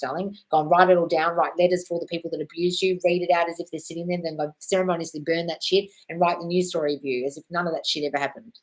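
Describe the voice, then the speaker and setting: A woman hosts a live question-and-answer stream, giving advice in a slightly low voice. She talks frankly and directly, with plenty of swearing. She calls her viewers darling. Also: poor audio.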